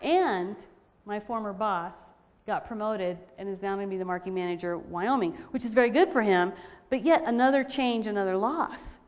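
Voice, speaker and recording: Animated woman telling a story in a reverberant hall. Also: mid-range voice, a little fast. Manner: animated, expressive storytelling with laughter. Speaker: speaker sharing a personal testimony. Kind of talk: storytelling to a women's audience.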